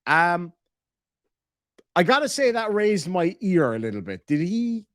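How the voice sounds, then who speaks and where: A man's voice: sits high, very animated, unhurried, a bit bright, no echo, studio quality. A man giving profane, sarcastic reaction commentary on video clips. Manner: sarcastic, mocking, swears often.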